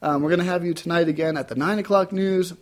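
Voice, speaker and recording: A man's voice: high voice, fairly even intonation, fast, voice pushed up, natural voice. A man quoting an eager news crew member in a slightly raised voice. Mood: excited.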